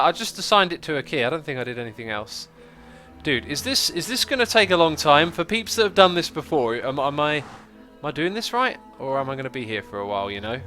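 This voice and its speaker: A man hosting a casual gameplay livestream, chatting, thinking out loud and answering viewer comments. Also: a little high. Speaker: livestream host.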